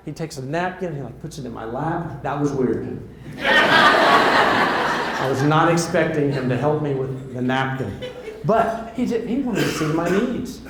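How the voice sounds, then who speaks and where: A man's voice: on the high side, a little hiss or hum. Man telling a story in an echoey hall. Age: middle-aged. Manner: animated, acts out dialogue in quotes. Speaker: keynote speaker. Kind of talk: storytelling keynote speech. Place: large hall at a luncheon.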